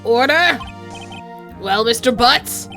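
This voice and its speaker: A woman's voice: fairly high pitch, animated, takes it slowly, pushed and bright, soft background music, heavily acted. A woman voicing an old, befuddled male judge in a game, calling for order. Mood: stern. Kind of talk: game voice-over.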